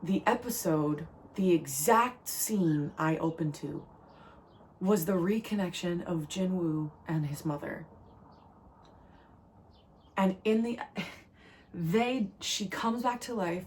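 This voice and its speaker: A woman's voice: medium pitch, animated, darkish tone, slight background noise. A woman from New Jersey, a tarot reader, giving a spiritual channeled message in an earnest, rambling, emotional way. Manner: earnest, rambling, emotional delivery in quick bursts.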